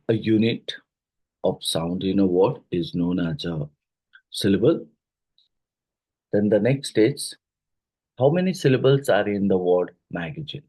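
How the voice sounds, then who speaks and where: A man's voice: lowish voice, mellow, breathy edge, rough recording. A man with an Indian English accent teaching a lesson, going through exam questions step by step with many fillers.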